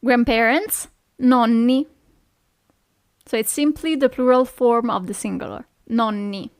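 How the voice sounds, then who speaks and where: A young woman with an Italian accent teaching a beginner lesson, repeating each word slowly and checking in with "ok?". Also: on the high side, expressive, dry recording, studio quality. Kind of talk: slow, clear language lesson.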